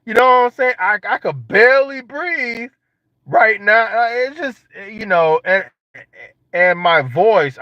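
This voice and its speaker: Brief: young guy, high lively voice, joking slangy vlog monologue, dry lo-fi sound. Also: measured pace, no echo. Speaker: vlogger. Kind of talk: casual monologue to camera. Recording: dull lo-fi sound.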